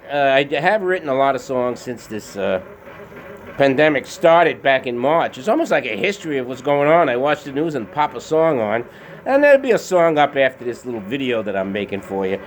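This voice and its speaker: Man, slightly high voice, rambling casual opinion vlog from a garage, lots of fillers. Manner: rambling political commentary with many fillers; talking while working out. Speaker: vlogger. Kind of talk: casual monologue. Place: home garage.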